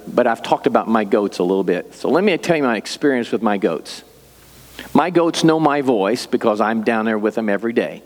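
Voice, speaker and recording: An older man preaching a sermon as a pastor, telling stories in a relaxed, conversational way. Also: medium pitch, normal speed, in a large hall.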